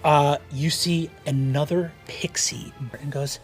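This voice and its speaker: A man's voice: fairly high pitch, fairly even intonation, slow, over music. A man narrating a tabletop fantasy game as game master, with vivid, descriptive storytelling.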